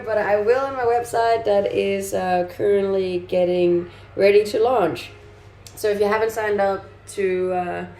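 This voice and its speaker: A young woman chats on a live stream, answering comments as she reads them out with relaxed, easy laughter. Her voice has a gravelly fry. The sound is roomy, with faint music underneath. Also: mid-range voice. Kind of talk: casual live-stream chat.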